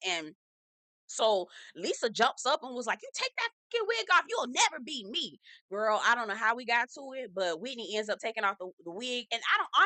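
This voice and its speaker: A sassy woman recapping a reality show. She swears freely and gossips, and she keeps slipping into impressions of the cast. Her voice sits a little high and sounds bright and forceful, recorded close and dry. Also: no room sound. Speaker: reality TV reviewer. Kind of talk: casual episode recap.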